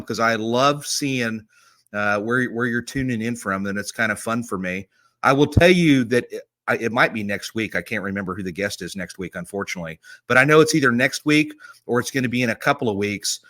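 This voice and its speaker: Middle-aged male host, low-pitched, rambling and friendly, greets viewers by name. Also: a little fast, sharp tone, no echo. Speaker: homicide detective. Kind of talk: casual live-stream chat.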